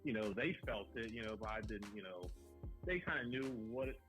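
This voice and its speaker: A young man speaking as a podcast guest, earnest and halting, with many fillers and restarts. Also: on the low side, expressive, over music, low-quality recording. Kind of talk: conversational interview.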